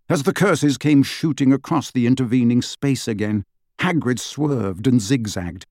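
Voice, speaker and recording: Lively, dramatic male audiobook narrator. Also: mid-range voice, no room sound, clean studio sound. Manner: dramatic, lively storytelling of action scenes.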